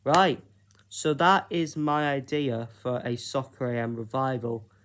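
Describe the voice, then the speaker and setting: A man from Britain talks through a list of ideas in a relaxed solo vlog. He speaks at a slow, unhurried pace with a mid-range voice, often pausing and filling gaps with hesitant ums. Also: medium pitch, a little hiss or hum. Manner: unhurried, hesitant, with frequent fillers. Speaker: YouTuber.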